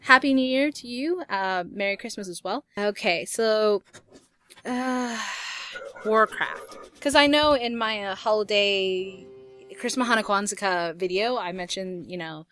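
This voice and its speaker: A woman's voice: mid-range voice, measured pace, fairly bright tone, dry recording, soft background music. Young woman, gaming host, casual chat, laughs a lot, loose and chatty. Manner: chatty, laughs often, swears lightly. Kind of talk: casual Q&A chat, reading viewer questions.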